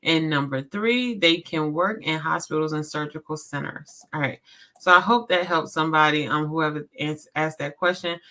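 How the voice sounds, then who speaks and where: A woman's voice: deep voice, normal speed, sharp tone. A middle-aged woman hosting a casual livestream, upbeat and repetitive, talking straight to her viewers. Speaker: host, business coach.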